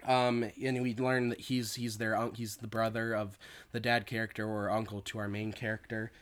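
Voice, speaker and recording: A man's voice: fairly low pitch, flat delivery, normal speed, fairly bright tone. A man casually recapping a film's plot, rambling with lots of fillers and restarts.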